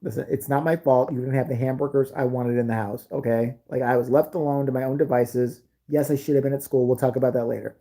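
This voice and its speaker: A man's voice: mid-range voice, fairly even intonation, fast talker, few pauses, dark tone. A man casually telling stories from his childhood, swearing often and laughing. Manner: profane, laughing, loose. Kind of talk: casual storytelling.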